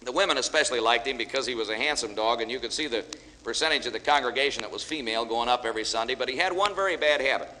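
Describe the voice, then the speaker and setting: A man's voice: mid-range voice, rapid-fire, bright, forceful tone. A man giving a humorous speech to an audience, telling folksy jokes and stories as a guest speaker. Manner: folksy storyteller, joking with audience. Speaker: after-dinner speaker. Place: large banquet hall with audience. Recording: echoey hall, faint hiss.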